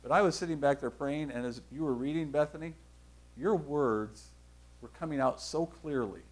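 A man's voice: a little high, moderate pace, rough recording. This is a male pastor with a somewhat raised voice giving a sermon. He speaks in an easygoing, conversational way. He wanders between thoughts and often corrects himself mid-sentence. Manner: conversational, rambling, self-correcting.

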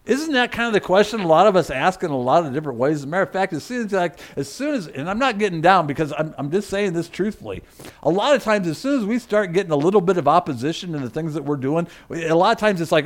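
A man's voice: a little high, animated, a little fast. A man preaching a sermon, building emphatic repeated lists and dropping into muttered asides to the congregation. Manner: emphatic and repetitive, swinging between loud preaching and muttered asides. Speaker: pastor.

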